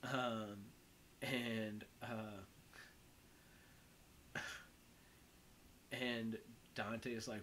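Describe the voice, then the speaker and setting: A man's voice: lowish voice, level tone, extremely slow, pauses often, fairly bright tone, a little hiss or hum, low-quality recording. A young man giving casual movie commentary as host, rambling and full of "um" and "like.". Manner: rambling, heavy on fillers like "um" and "like".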